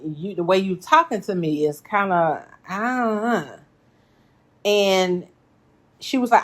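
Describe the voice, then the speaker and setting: A woman hosting a casual reaction recap, talking straight to her viewers, animated and laughing often. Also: medium pitch, takes it slowly. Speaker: reality TV recap host.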